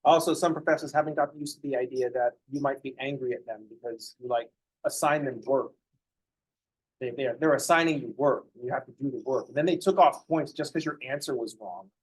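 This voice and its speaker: A man's voice: mid-range voice, brisk, breathy edge, no room sound. A man, a math professor, lecturing a class in a joking, conversational way. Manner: joking, conversational, acts out students' thinking noises.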